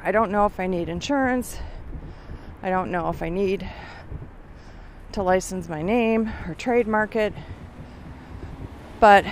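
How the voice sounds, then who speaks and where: A woman's voice: mid-range voice, a little hiss or hum. A middle-aged woman thinking aloud with many fillers while on a walk outdoors, a little out of breath. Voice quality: weak lungs from years of smoking. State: out of breath from walking uphill. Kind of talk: casual walking vlog monologue.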